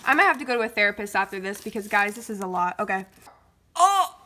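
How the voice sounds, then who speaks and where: A young woman, vlogging an excited unboxing reaction, giddy and exaggerated, mumbling one moment and squealing the next. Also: mid-range voice, fast, a little hiss or hum. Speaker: K-pop fan vlogger.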